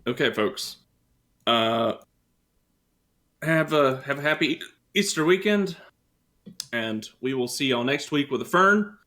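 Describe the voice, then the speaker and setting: A man's voice: medium pitch, expressive, slow, long pauses, bright, forceful tone. A man co-hosting a streamed podcast, easygoing and teasing while he signs off, with the hiccups. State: has the hiccups. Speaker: podcast co-host. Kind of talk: casual stream chat, signing off.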